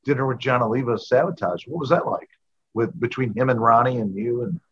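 A man's voice: mid-range voice, brisk, a bit bright, dull audio, slight background noise. A man co-hosting a casual podcast, asking long, meandering questions. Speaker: podcast co-host. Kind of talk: casual chat.

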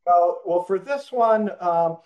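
A man co-hosting a casual movie podcast, speaking haltingly with many fillers. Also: sits high, muffled recording. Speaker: podcast co-host. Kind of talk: casual chat.

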